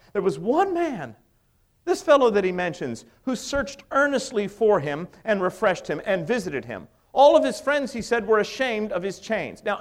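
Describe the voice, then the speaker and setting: A middle-aged male pastor preaching a sermon, emphatic, with many rhetorical questions. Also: high-pitched.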